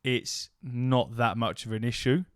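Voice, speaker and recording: Smooth-voiced man teasing his co-host. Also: medium pitch, measured pace, no room sound, clean studio sound. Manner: teasing, swears casually. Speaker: podcast co-host. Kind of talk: casual chat.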